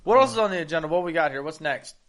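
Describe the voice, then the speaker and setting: A man co-hosting a casual beer-tasting podcast, loud and joking with profane banter. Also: on the high side, lively intonation, racing. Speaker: podcast co-host.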